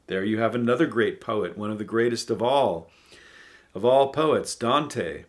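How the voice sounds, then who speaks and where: A man with a lowish voice reads poetry aloud and muses over it at an unhurried pace. He thinks out loud, trailing off and filling gaps with frequent ums. It sounds like a relaxed, casual reading and commentary. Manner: thoughtful, musing, hesitant with frequent ums. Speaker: channel host reading poems aloud.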